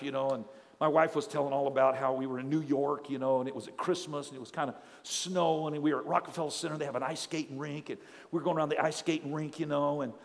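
A middle-aged man pastor preaching a sermon in a church, telling stories with animated energy and building to shouts. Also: fairly high pitch, long reverb tail. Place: church sanctuary.

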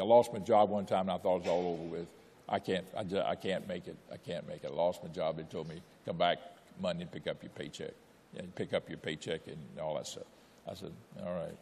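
A man's voice: low-pitched, a little mellow, long reverb tail. An older man preaching a sermon, exhorting with repetition and telling folksy personal stories. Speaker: pastor.

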